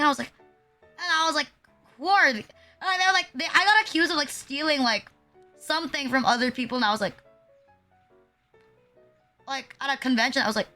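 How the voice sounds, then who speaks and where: Young woman from the philippines streaming, high bright voice, rambly and sweary, soft music behind. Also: a little fast, long pauses. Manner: rambling, swears a lot, lots of "like". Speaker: VTuber streamer. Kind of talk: casual livestream chat. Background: faint music.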